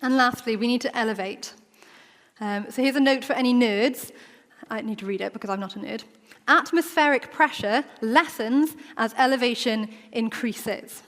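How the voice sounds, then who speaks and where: A woman's voice: fairly high pitch, fairly even intonation, a little fast. A woman preaching a sermon in a church, talking in a conversational way and acting out the quoted voices. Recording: long church reverb.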